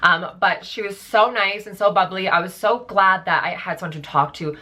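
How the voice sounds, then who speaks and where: A woman's voice: medium pitch, normal speed, bright, forceful tone. A young woman telling a storytime vlog in a chatty, casual way, full of "like" and "um". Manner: chatty, filler-heavy, lots of "like". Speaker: vlogger.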